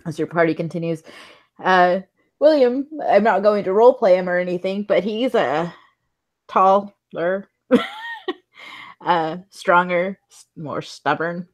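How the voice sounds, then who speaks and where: A woman runs a tabletop game, narrating in a casual, giggly way full of ums and restarts. Her pitch swings freely, and she takes her time getting the words out. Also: big pitch swings, slow, long pauses, low-quality recording. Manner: giggly, with many fillers and restarts. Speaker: storyteller running the game.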